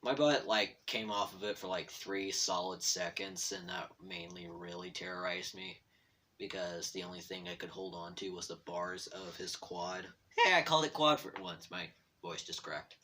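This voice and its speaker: A man's voice: deep voice, fairly even intonation, moderate pace, pushed and bright, a little hiss or hum. A man telling a meandering story from his bedroom while drawing, self-deprecating and tripping over his words. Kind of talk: rambling casual storytelling. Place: bedroom at home.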